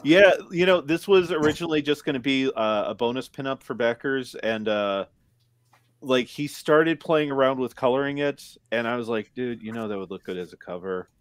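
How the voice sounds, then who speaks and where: A man's voice: mid-range voice, moderate pace, no room sound. A man chatting casually on a podcast, telling stories in a laid-back way with many fillers. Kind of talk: casual chat.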